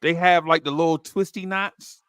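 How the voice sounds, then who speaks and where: A man hosting a casual podcast chat, telling animated stories and laughing easily. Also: a little high, moderate pace, clear, resonant tone, no echo. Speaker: podcast host.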